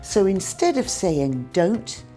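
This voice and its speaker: A woman's voice: mid-range voice, big pitch swings, mellow, faint music behind. A British woman teaching an English lesson, carefully demonstrating how words are pronounced. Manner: slow, careful demonstrations of pronunciation. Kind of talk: scripted language lesson.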